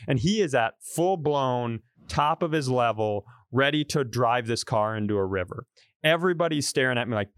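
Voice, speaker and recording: A man's voice: mid-range voice, moderate pace, dry recording, clean studio sound. A man in his thirties, a podcast co-host, telling a story in casual chat and acting out the quotes. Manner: animated storyteller, acts out quotes.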